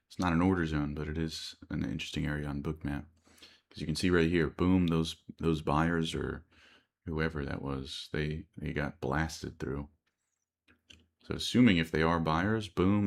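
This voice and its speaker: Very deep gravelly American trader. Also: male voice. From United States. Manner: thinks aloud, repeats words, reads chat questions. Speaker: day trader streaming live. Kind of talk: live-stream commentary.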